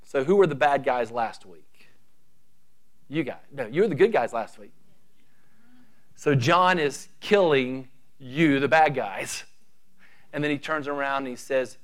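A male pastor preaching an animated sermon, building to emphatic rising runs and dropping to quiet asides. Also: mid-range voice, measured pace.

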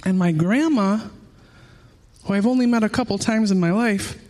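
Earnest high-voiced man preaching. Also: moderate pace, a little mellow. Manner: earnest, repeats words when searching for them. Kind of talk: sermon.

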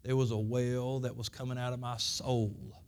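A man's voice: mid-range voice, level tone, normal speed, darkish tone. A man preaching a Sunday school lesson, telling his own testimony in folksy, earnest, plain country speech. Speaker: pastor.

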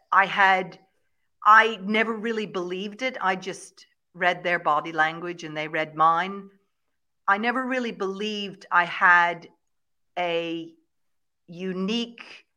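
Bright-voiced woman telling animal stories. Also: medium pitch. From Ireland. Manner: animated anecdotal storytelling. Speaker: guest shepherd and farmer. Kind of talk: storytelling in a video-call interview.

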